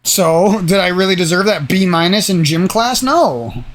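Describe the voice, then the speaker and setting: A man's voice: high-pitched, animated, normal speed, a bit bright. Rambling, swearing young man, slightly nasal. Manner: meandering, profane, ranting. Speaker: gaming channel host. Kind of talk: casual rambling chat.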